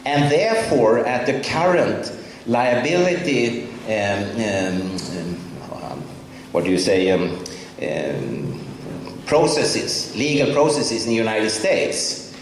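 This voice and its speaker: A man from Sweden with a Swedish accent, giving a conference lecture in English, emphatic and wry with halting fillers. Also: on the low side, animated. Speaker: professor giving a conference talk. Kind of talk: public lecture. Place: large lecture hall. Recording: very echoey hall with long reverb, faint hiss.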